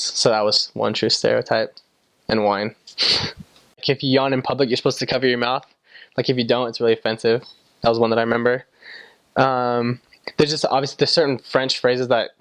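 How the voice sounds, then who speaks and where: A man's voice: medium pitch, no room sound. A young man from the United States, a former missionary, answering interview questions in a chatty way with lots of fillers.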